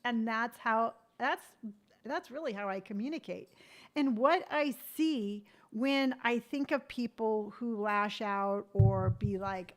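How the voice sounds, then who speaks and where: Earnest, fairly high-voiced woman giving a pep talk. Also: takes it slowly. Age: 50s. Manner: earnest, animated, mimics other people's remarks; tough-love pep talk. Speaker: livestream host. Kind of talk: motivational livestream chat.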